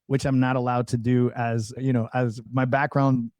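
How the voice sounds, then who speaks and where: A man's voice: mid-range voice, level tone, normal speed, a little mellow. A man, a podcast guest, earnestly telling a personal testimony in conversation, with many restarts and fillers.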